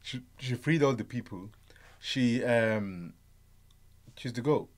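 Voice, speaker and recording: A young man co-hosting a reaction channel, chatting excitedly in a slangy way with bursts of laughter. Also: medium pitch, slow. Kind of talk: excited casual reaction chat.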